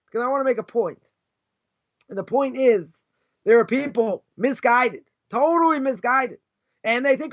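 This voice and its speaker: Emphatic high-voiced Boston rabbi teaching. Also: male voice, expressive, moderate pace, a bit bright. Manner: emphatic, rhetorical, repeats key phrases. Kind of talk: informal Torah lesson. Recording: dull lo-fi recording.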